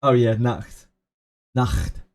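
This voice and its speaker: A man's voice: medium pitch, very slow, darkish tone. A middle-aged man streaming a video game, joking crudely and repeating phrases as he muses to himself. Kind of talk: casual live-stream commentary.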